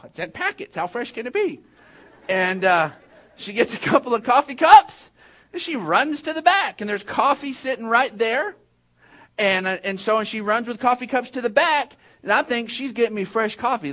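Speaking in a high, sharp-toned voice, a male pastor recounts a comical personal experience, then drives home a serious point for the people in the pews.

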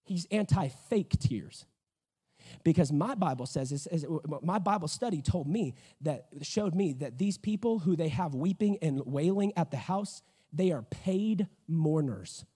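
A pastor, preaching a sermon with rising intensity and repetition. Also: male voice, fairly high pitch, expressive, a little slow, warm tone, husky.

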